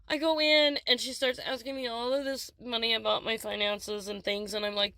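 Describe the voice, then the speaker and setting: A woman's voice: high-pitched, moderate pace, pushed and bright, dry recording, poor audio. A middle-aged woman talking to the camera in a rambling, agitated rant about a bad appointment. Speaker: vlogger.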